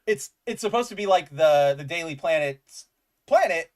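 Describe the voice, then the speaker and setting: Excitable man rambling about comics. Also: a little high, moderate pace. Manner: enthusiastic, rambling, says "like" often. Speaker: podcast co-host. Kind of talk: casual chat reviewing comics.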